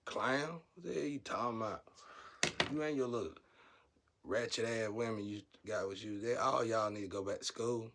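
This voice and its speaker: Man, low voice, casual spiritual monologue, rambling, blunt, preachy, rises to heated outbursts. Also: normal speed, fairly bright tone, a little hiss or hum.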